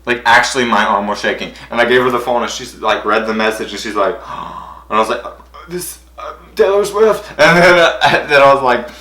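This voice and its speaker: A young man with a bright, forceful voice pitched a little low tells a story for his vlog. He rambles with excitement and keeps stacking "and I was like". The room around him rings with echo. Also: quick pace, few pauses. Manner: breathless, rambling, acts out quotes in high squeals. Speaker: vlogger.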